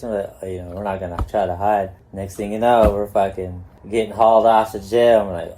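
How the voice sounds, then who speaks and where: Laid-back guy from california, fairly low voice, swears a lot, laughs thru his stories. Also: fairly even intonation, a little fast, hardly any pauses, mellow, a little hiss or hum. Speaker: guest, pro skateboarder. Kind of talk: casual storytelling.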